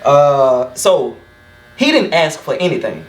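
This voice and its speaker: A young man hosts a casual roundtable talk, speaking earnestly and a bit preachy. His voice sits a little high. It is picked up from a distance in a roomy space with faint background noise. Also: big pitch swings, takes it slowly. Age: young adult. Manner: earnest, preachy, often says "you know what I'm saying". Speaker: podcast host and barber. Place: shop room. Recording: roomy sound from a distant mic.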